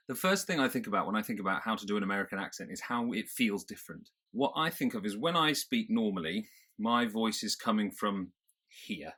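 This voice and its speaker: Bright-voiced British man explaining accents. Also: fairly low pitch. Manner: reflective, explains by describing how sounds feel. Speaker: accent and public speaking coach. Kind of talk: explanatory video tutorial.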